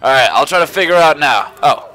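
Excitable man narrating his game, bright voice. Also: fairly high pitch, a little fast, a little hiss or hum. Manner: excitable, swears and yelps at surprises; mutters quietly to himself between outbursts. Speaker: gamer. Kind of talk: gameplay commentary. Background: faint gunfire from the game.

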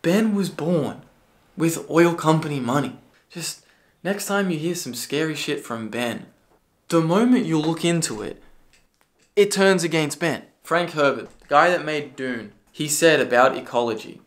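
A man delivering a ranting commentary video, sarcastic and profane, now and then bursting into yelling. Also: fairly high pitch, expressive, measured pace. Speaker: political commentary video creator.

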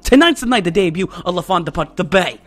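A man giving excited live gameplay commentary as a YouTuber, full of loud yelps, shouts and trash talk. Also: high-pitched, fast talker. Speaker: gaming YouTuber.

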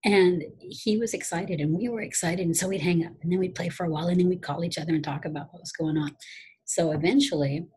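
A middle-aged teacher tells her students a casual story in a chatty, animated way. Her voice is lowish and very husky, and she repeats phrases as she goes. She keeps it easy and conversational. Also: quick pace, low-quality recording.

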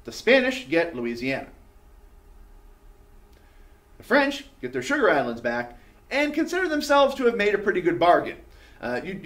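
A man lecturing a class with a high, lively voice that swings up and down as he explains and points at a map. He sits a little back from the mic. Faint room noise runs under him. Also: recorded from a distance. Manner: animated, conversational, pointing at a map. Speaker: history teacher.

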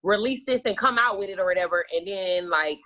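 A woman's voice: mid-range voice, a little fast, bright, forceful tone. A woman guest telling stories in casual, profane chat, acting out her own past lines and laughing often.

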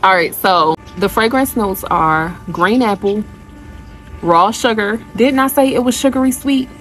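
A woman's voice: mid-range voice, unhurried, fairly bright tone, faint music behind, rough recording. A woman vlogger chatting casually to her viewers in a product review, gushing and calling them y'all.

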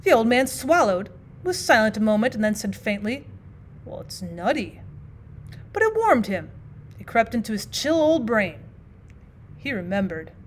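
Expressive woman reading a classic story. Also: on the high side, moderate pace, a little hiss or hum. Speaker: teacher reading aloud. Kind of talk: audiobook narration.

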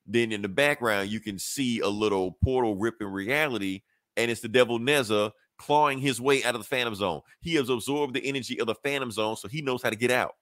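On a dry, studio-quality recording, a podcast co-host with a lowish, fairly bright voice walks through a comic plot casually, using slang and reciting the characters' lines.

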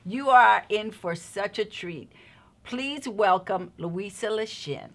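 A woman's voice: medium pitch, slow, very noisy. Enthusiastic woman hosting an interview. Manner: warm, enthusiastic, gushing about her friend. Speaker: YouTube interview host. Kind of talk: casual interview chat.

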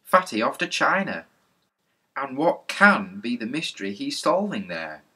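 A man's voice: mid-range voice, sing-song, measured pace, sharp tone, slightly rough, voice pushed up, heavily acted. A man voicing an earnest, thoughtful schoolboy in a children's storybook reading. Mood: musing. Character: sensible eldest schoolboy, thoughtful.

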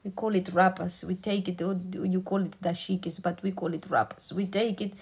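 A woman's voice: fairly low pitch, steady tone, moderate pace, a little mellow, husky. A woman preacher delivering a sermon with emphatic, repetitive exhortation.

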